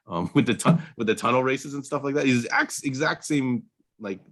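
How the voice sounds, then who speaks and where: A man's voice: medium pitch, moderate pace, fairly bright tone. A man co-hosting a podcast, chatting casually about a movie in a rambling way, full of fillers and restarts. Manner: rambling, filler-heavy, laughs easily. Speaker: podcast co-host. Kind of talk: casual movie review chat.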